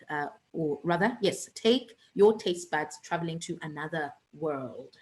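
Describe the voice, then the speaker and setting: A woman's voice: low voice, unhurried, low-quality recording. A woman teaching an online revision lesson, chatty and teasing, with many fillers and restarts.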